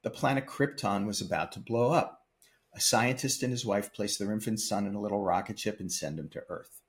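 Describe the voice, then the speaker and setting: A man quoting a professor who calmly recites a story in a measured way. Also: lowish voice, lightly acted. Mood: recounting.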